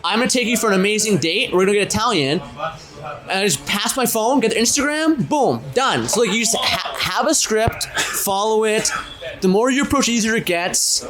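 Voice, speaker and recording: A man's voice: high voice, expressive, moderate pace, crowd noise. A man in his twenties co-hosting a casual podcast, talking animatedly, swearing and acting out his own pickup lines. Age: 20s. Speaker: podcast co-host.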